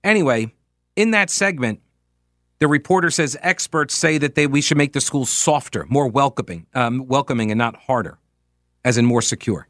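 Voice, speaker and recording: A man's voice: mid-range voice, animated, moderate pace, fairly bright tone, dry recording, studio quality. A man in his forties hosting a radio talk show, rambling through tangents and poking fun at himself. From Charlotte, North Carolina. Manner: rambling, self-mocking, goes off on tangents. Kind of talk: casual monologue with readings.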